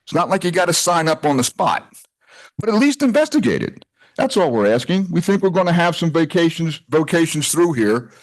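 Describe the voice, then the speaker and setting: An older man with a fairly high voice speaks at a retreat house, friendly and informal. He rambles, cracks jokes and often breaks off mid-thought before circling back to his point. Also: very animated, fairly quick. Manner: chatty, rambling, self-interrupting, jokey.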